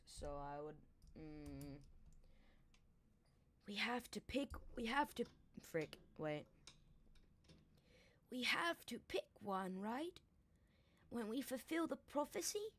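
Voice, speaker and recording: A woman's voice: mid-range voice, a little hiss or hum. A woman reading a fantasy book aloud with casual asides, often stumbling and restarting over words. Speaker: book reader and streamer. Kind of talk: casual read-aloud with commentary.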